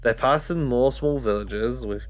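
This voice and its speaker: A man's voice: medium pitch, measured pace. A man casually reading a storybook aloud, laughing at his own slips and restarting lines. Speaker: reader of a children's book. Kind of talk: casual read-aloud narration.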